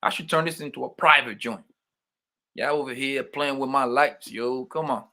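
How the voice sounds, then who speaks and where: Man, livestream host, bright forceful voice, playful slangy banter. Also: medium pitch, normal speed. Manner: loose slangy banter, calls everyone "man", playful teasing. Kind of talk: casual livestream chat, reading viewer names.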